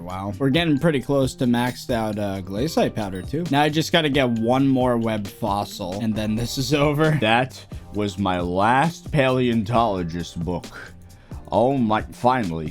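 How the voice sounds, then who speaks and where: A young man talks through his gameplay in a low, lively voice that swoops up into excited shrieks and gasps whenever something rare turns up. He sounds casual and close to a desk microphone, with faint guitar music underneath. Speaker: gaming YouTuber.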